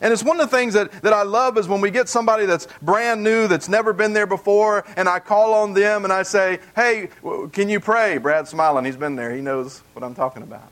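A man's voice: high voice, a little fast, hardly any pauses, a bit bright, low-quality recording. A male pastor preaching a conversational sermon in a plain, folksy way, earnestly repeating key points for emphasis.

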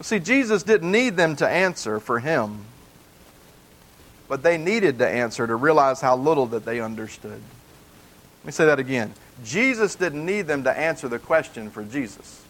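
A man's voice: medium pitch, big pitch swings, normal speed, a bit bright, poor audio. A male pastor preaching a conversational sermon in a plain, folksy way, earnestly repeating key points for emphasis.

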